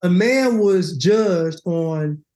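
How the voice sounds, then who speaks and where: A man in casual conversation, telling stories and acting out quotes with lively energy. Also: sits high, drawn-out words. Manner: animated storyteller, acts out quotes. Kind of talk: casual chat. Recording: roomy echo.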